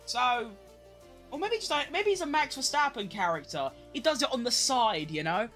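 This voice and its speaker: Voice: mid-range voice, big pitch swings, normal speed, a bit bright, faint music behind. A young adult, hosting a casual live watch-along stream and rambling through chatty commentary with the odd swear.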